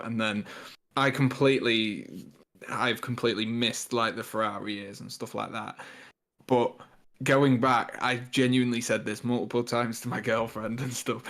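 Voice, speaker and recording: A man's voice: mid-range voice, a bit bright. A man co-hosting a live stream, talking casually and enthusiastically, with lots of "like". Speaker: co-host.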